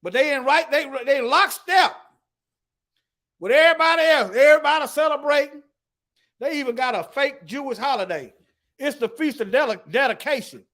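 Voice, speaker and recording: A man's voice: extremely high pitch, normal speed, fairly bright tone. A man teaching the Bible in an emphatic preaching style, reading scripture aloud and addressing his listeners directly. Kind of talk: preaching to an online audience.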